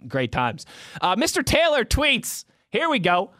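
A man's voice: high-pitched, wildly swooping pitch, unhurried, pushed and bright, no room sound, studio quality. A young man hosting a casual sports talk show, answering fan tweets off the cuff in a rambling, conversational way.

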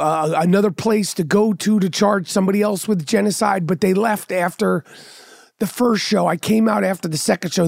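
A man's voice: high-pitched, vocal fry, dry recording, clean studio sound. Profane, sardonic podcast host man. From New York. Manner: profane, sardonic rambling with restarts. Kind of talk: casual monologue.

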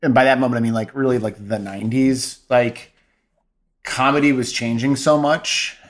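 A middle-aged man sits in as a podcast guest, talking about comedy writing in a laid-back, casual way. His voice sits at a plain middle pitch, and his talk is peppered with fillers. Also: fairly even intonation, moderate pace. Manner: laid-back, many fillers like "like" and "you know". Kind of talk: casual chat.

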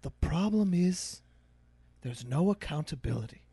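A cranky old fellow with a light Scottish lilt rants in a raised, strained voice, as a man puts him on for a story. The pitch sits well above an ordinary man's register, and the sound is dry and close. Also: lively intonation, unhurried, dark tone, slightly rough, dry recording, exaggerated voice. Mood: grumbling. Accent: light Scottish, put on. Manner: ranting, indignant.

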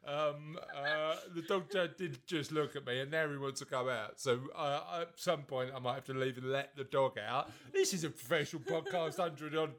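A man's voice: on the high side, moderate pace, few pauses, a bit bright. A man, co-hosting a podcast in casual, jokey, teasing chat. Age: 40s. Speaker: podcast co-host.

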